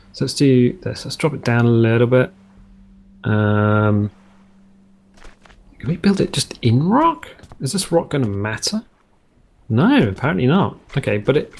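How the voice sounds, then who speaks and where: A man's voice: medium pitch, gravelly. A man hosting a casual let's-play from home, rambling through jokey tangents and cutting himself off mid-sentence. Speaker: gaming video host.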